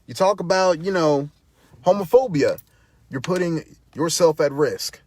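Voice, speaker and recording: A man's voice: on the high side, lively intonation, measured pace, a little mellow, no echo. A man speaking as a protest activist, fiery and defiant, hammering points home through repetition. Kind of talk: impassioned direct-to-camera talk.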